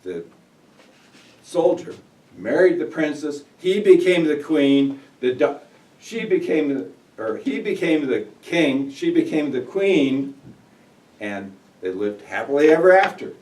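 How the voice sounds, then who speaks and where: A man's voice: a little high, very animated, unhurried, a little mellow. Male speaker reciting a fairy tale with big swells, recorded from afar in a reverberant room. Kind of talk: memorized storytelling speech. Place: meeting room. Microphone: room mic from a distance. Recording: echoey room, distant mic.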